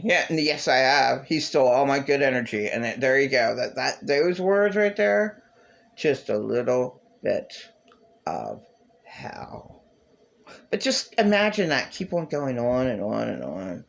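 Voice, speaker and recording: A man delivering a rambling, agitated religious monologue to camera, bitter and ranting, with sudden leaps in pitch. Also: big pitch swings, measured pace, vocal fry. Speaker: vlogger.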